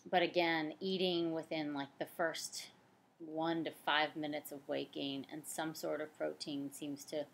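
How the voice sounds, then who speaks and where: A woman's voice: low-pitched, level tone, measured pace, gravelly. A woman in her forties talking candidly and casually in a personal vlog update, tired and chatty. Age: 40s. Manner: candid and chatty, with frequent fillers and self-corrections. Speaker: fertility practitioner. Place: home, on the couch.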